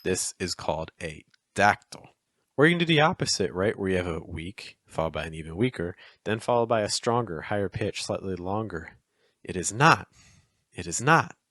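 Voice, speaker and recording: A man explaining poetic meter in a chatty, encouraging video lesson, acting out the stresses with exaggerated rises and falls in pitch. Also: lively intonation, brisk, a bit bright, no room sound, clean studio sound. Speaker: poetry teacher.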